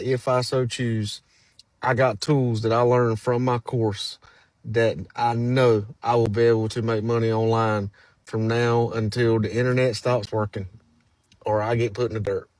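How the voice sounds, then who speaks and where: Folksy man pitching motivation. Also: no echo. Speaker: online marketer. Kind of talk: casual selfie vlog pitch.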